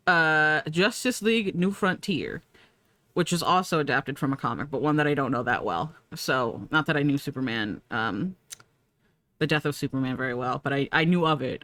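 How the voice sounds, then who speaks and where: A woman's voice: deep voice, pushed and bright, dry recording. A woman streamer in casual chat, rambling and profane, laughing often as she talks.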